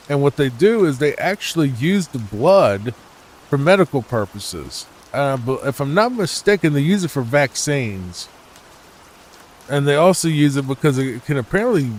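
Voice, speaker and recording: A man from the United States giving soft-spoken, rambling gameplay commentary meant for falling asleep, full of hesitations. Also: mid-range voice, a little hiss or hum. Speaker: gaming channel host.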